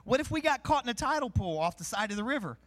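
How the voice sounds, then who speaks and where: A man preaching a sermon in a conversational, animated way, teaching from scripture with jokes and asides. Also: very high voice, fast. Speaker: pastor. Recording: live-streamed sermon.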